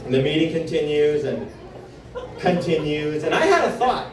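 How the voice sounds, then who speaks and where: A young male stand-up comedian works a club crowd, his high voice swinging up and down as he acts out the people in his stories. The sound is roomy and picked up from a little distance, as in a live club. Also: moderate pace. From Canada. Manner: animated storytelling with acted-out quotes.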